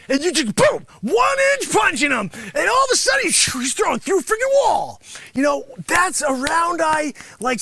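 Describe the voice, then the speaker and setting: A man playing a brash, greedy male martial arts sensei in an improvised comedy bit, boasting and berating his students with loud shouted bursts. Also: very high voice, gravelly, no room sound, exaggerated voice. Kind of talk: improvised comedy character monologue.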